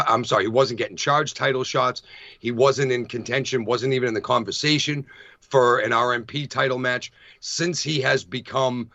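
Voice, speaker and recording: A man talking through an upcoming wrestling card in casual podcast chat, his voice sitting at a middle pitch. The sound is dry and a little dull, like a lo-fi home recording. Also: no room sound. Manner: animated, laughing, defensive banter. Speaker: podcast panelist.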